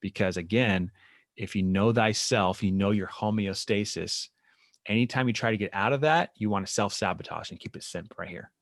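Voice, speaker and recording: A low-voiced man talks as a therapist guest on a podcast, explaining his work in an animated way. He sometimes briefly acts out what clients say. The recording is dry with no room sound. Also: normal speed, no echo. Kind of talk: casual interview chat.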